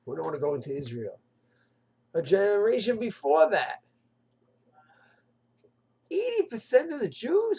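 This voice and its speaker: Man, husky, high lively voice, impassioned Torah talk, rhetorical. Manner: rhetorical, animated, swings into mocking quoted voices. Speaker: Torah teacher. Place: Israel.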